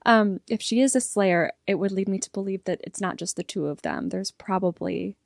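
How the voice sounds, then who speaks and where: A young woman reacting to a TV episode, excitable and rambling as she thinks out loud. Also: medium pitch, normal speed, creaky, dry recording, clean studio sound. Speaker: reaction vlogger.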